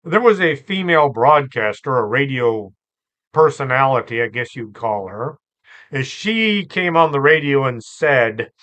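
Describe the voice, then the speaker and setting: A man hosting a storytelling show, relaxed and chatty, with asides and fillers. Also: mid-range voice, a little slow. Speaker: host and storyteller. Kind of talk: conversational storytelling podcast.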